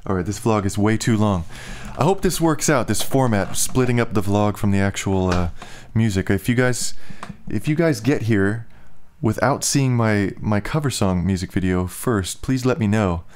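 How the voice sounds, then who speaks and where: A man's voice: on the low side, lively intonation, normal speed, hardly any pauses, a little mellow, slight background noise. A young man rambling casually in a vlog, with slightly slurred speech and lots of filler "like"s. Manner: loose, filler-heavy talk with "like". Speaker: musician and vlogger.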